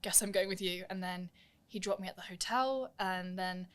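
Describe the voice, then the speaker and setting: A woman's voice: lowish voice, moderate pace, smooth. A young woman telling stories in a casual interview, acting out the voices of people she quotes. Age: young adult. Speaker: guest, musical theatre performer.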